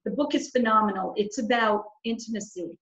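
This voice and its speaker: A woman's voice: on the high side, a bit bright. A woman talking as a guest editor in a casual video call chat, enthusiastic and talkative. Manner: enthusiastic, talkative, quick laughs. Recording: roomy, slightly dull video call audio.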